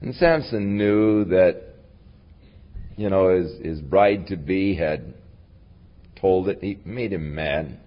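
A man's voice: low-pitched, takes it slowly, long pauses, highs cut off. A man teaching a Bible lesson as a folksy, conversational retelling. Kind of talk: casual Bible lesson storytelling.

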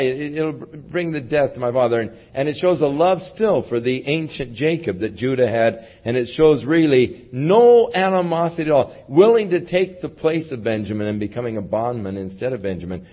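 A man's voice: mid-range voice, normal speed, few pauses. Guy preaching from the bible, reads verses then riffs on them casually, kinda muffled old-tape sound. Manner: reads scripture then paraphrases it in casual, animated asides. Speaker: pastor. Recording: dull lo-fi recording.

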